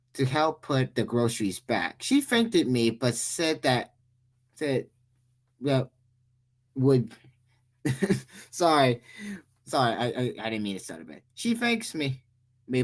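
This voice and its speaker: A young man reading a Reddit story aloud, stumbling over words and restarting his sentences often. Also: medium pitch. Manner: stumbling, frequent restarts and self-corrections. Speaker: story reader.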